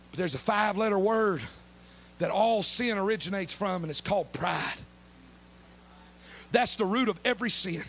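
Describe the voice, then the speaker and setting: A man's voice: sits high, moderate pace, creaky, fairly bright tone, husky. A man preaching a sermon, telling the story dramatically in folksy speech.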